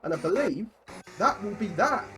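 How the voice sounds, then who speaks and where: A man's voice: high voice, big pitch swings, normal speed, over music. A man commentating a sim racing league in casual, bantering live-stream style. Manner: chatty, swearing, banter. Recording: noisy home stream mic.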